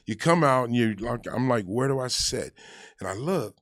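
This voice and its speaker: A man in casual conversation, an army veteran telling his stories in an animated way and acting out the shouted lines of the people in them. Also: medium pitch, moderate pace, no room sound, clean studio sound. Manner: animated storyteller, acts out quoted shouts. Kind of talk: casual storytelling chat.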